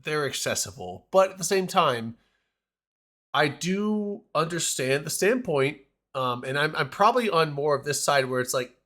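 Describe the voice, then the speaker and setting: A man's voice: a little high, lively intonation, normal speed, fairly bright tone. Hesitant rambling man hosting a chat. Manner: rambling, hesitant, many restarts. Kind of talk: casual panel discussion.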